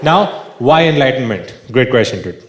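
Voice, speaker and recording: Animated male comedian. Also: medium pitch, moderate pace. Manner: animated, laughs at his own jokes. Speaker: stand-up comedian. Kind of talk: stand-up comedy. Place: large theater stage. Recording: echoey theater with live audience. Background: audience laughter and crowd noise.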